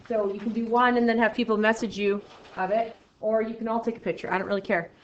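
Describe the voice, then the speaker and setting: A woman's voice: a little high, flat delivery, quick pace, slight background noise. Woman, math teacher, classroom lesson, chatty and playful, echoey room, lo-fi sound. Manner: chatty and playful, jokey asides, swings between loud and quiet. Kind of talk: classroom lesson, talking to students.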